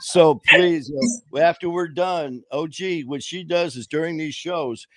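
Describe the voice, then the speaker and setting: A man's voice: a little high, a little slow, fairly bright tone. A man hosting a casual live stream interview, talking in long runs full of fillers and restarts. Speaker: host. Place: home studio on a live stream call.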